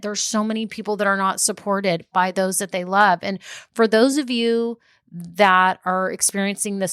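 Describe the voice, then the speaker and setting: A woman's voice: fairly low pitch, fairly bright tone, clean tone, no echo. Chatty woman podcaster, dry sound. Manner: chatty, laughs often, goes on tangents. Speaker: podcast host and business coach. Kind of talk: casual solo podcast talk.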